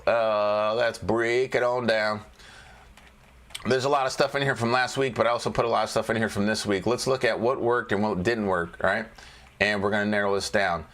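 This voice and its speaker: A man's voice: fairly low pitch, fairly even intonation, normal speed, fairly bright tone. A man casually walking through stock charts, chatty and repetitive, joking to himself as he goes. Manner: chatty, repeats phrases, laughs and jokes to himself. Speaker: trading educator. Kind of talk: casual screen-share chart walkthrough.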